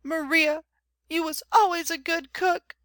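A man's voice: very high-pitched, measured pace, bright, forceful tone, smooth, dry recording, pitched above the performer's own voice, heavily acted. A man doing a grumbling old nurse. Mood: wistful. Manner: scolding, complaining. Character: old grumbling woman servant, fussy and sentimental. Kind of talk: audiobook character voice.

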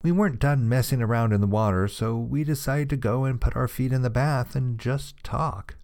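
Male storyteller with a mid-pitched voice, measured suspenseful delivery for spooky narration. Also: darkish tone. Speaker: narrator of listener-submitted ghost stories.

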